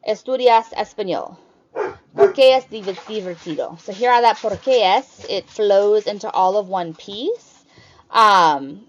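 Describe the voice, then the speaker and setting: Language teacher, woman, mid-pitched voice, patient step-by-step explanations, slightly muffled lo-fi recording. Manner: explanatory, lifts pitch on example questions. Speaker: Spanish teacher. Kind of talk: recorded grammar lesson.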